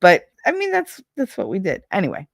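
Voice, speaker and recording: A middle-aged woman with a New York accent telling animated, profane stories in a casual chat as a show host. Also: medium pitch, brisk, creaky, no echo, clean studio sound. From Brooklyn, New York. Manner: animated, profane, acts out neighborhood voices.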